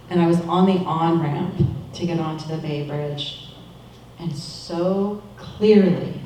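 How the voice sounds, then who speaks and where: A middle-aged woman giving a calm, measured, reflective sermon as a minister. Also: low voice, far from the mic, a little hiss or hum. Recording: echoey room, voice from off-mic.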